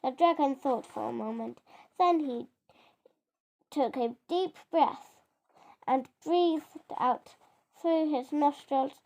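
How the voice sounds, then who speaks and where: A child reading a picture book aloud, halting and often stumbling over words and correcting itself. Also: high-pitched, vocal fry, darkish tone. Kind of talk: storybook reading.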